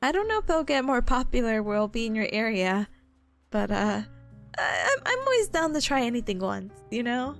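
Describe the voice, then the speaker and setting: Giggly high-voiced young woman streamer. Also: moderate pace, gravelly, faint music behind. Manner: giggly, animated, playful voices. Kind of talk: casual live-stream chat.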